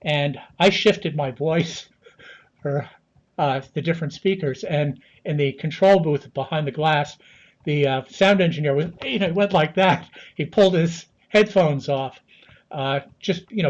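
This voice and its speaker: An American man answering interview questions at a measured pace, with many fillers and restarts, heard over a video call. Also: a little high, dull audio. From United States. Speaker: guest analyst.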